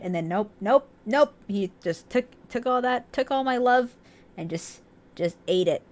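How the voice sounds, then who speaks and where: A woman's voice: on the high side, expressive, measured pace, a little mellow. A young woman casually commenting on a game as she plays, chatty, laughing often and swearing freely. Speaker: let's-play streamer.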